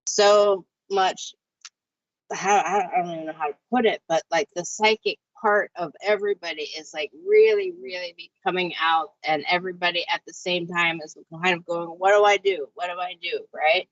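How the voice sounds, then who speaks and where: A woman's voice: lively intonation, moderate pace, no room sound. A woman hosting a live psychic show, doing a chatty tarot reading for viewers. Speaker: host and psychic reader. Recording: muffled low-fi audio.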